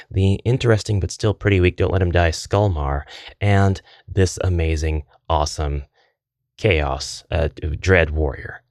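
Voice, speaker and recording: Deep-voiced chatty man. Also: gravelly, no echo, clean studio sound. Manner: chatty, self-mocking with dad jokes. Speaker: board game channel host. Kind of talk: casual game commentary.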